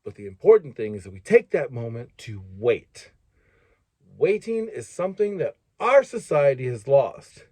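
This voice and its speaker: A man's voice: mid-range voice, big pitch swings, unhurried, a little mellow, no echo. A man giving earnest, emphatic fatherly life advice in a casual monologue.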